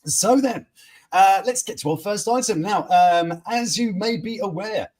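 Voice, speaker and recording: Guy hosting a chatty news stream, kinda high voice, lots of uhs and restarts. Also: a little slow, darkish tone. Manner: rambling, many fillers and restarts, chuckling. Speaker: host. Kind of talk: casual live-stream chat.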